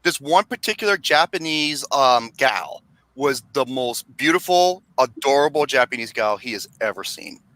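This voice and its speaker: A man's voice: mid-range voice, expressive, moderate pace, fairly bright tone, dry recording. A man teasing a friend in a casual chat, laughing and swearing. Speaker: co-host.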